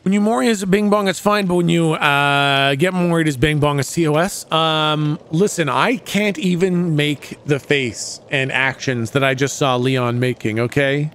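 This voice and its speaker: A man streaming a game live, chatting casually to his chat, excitable and profane and laughing often. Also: a little high, normal speed, few pauses. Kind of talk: casual livestream commentary.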